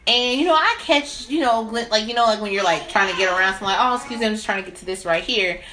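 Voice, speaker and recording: A woman in her twenties chatting casually as co-host, telling stories animatedly and acting out what people said with big jumps in her voice. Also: quick pace. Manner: animated storytelling, acts out quotes with big pitch jumps. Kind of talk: casual chat. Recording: noticeable background hiss.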